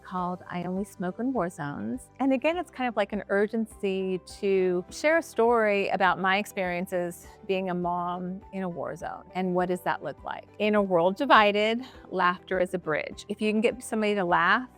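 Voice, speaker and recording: A middle-aged woman, a comedian and filmmaker, telling her own story to camera in an earnest, lively way. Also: medium pitch, normal speed, few pauses, soft background music. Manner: earnest, lively storyteller who acts out quoted voices.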